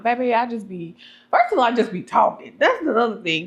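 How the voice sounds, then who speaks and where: A young woman telling stories to camera in a vlog, animated and laughing often. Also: a little high, dull audio. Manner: animated, laughs often, talks fast when excited. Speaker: vlogger. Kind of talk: casual storytelling to camera.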